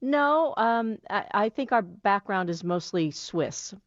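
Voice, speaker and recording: A woman on a radio talk show speaking gently and hesitantly about her father. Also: medium pitch, expressive, takes it slowly, no echo, muffled recording. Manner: gentle, hesitant, many fillers. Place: radio studio.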